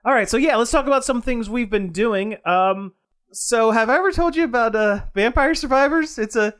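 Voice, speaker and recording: A man's voice: very high voice, normal speed, a bit bright, clean tone. A man co-hosting a pop culture podcast, upbeat and laughing often in casual chat. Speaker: podcast co-host.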